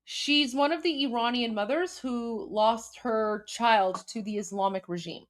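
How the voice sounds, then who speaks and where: A woman's voice: fairly high pitch, unhurried. Emphatic woman hosting a live show. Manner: emphatic, repeats herself, many restarts. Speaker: host translating a video. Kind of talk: live commentary.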